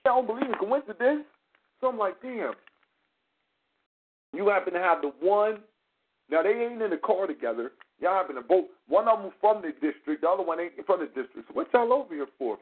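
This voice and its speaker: A man telling a story in casual radio talk, animated and profane, acting out the dialogue as he goes. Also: high voice, fast. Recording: phone-like radio line.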